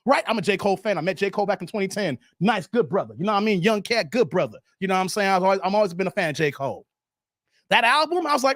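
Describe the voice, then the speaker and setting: A man's voice: high-pitched, expressive, fast, fairly bright tone, no echo, clean studio sound. A man hosting a live stream, ranting in a casual, riled-up way and talking straight to his chat. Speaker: livestream host. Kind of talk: casual livestream rant.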